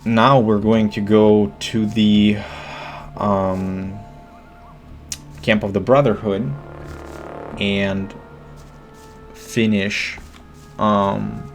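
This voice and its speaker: A man giving monotone, hesitant game walkthrough commentary with many fillers. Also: fairly low pitch, drawn-out words, pauses often, soft background music.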